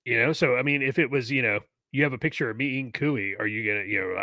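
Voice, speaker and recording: A man's voice: mid-range voice, fast, hardly any pauses, sharp tone, dry recording. A man co-hosting a podcast in casual chat, talking loosely with lots of fillers and tangents. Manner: chatty, goes off on tangents with many fillers. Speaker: podcast co-host.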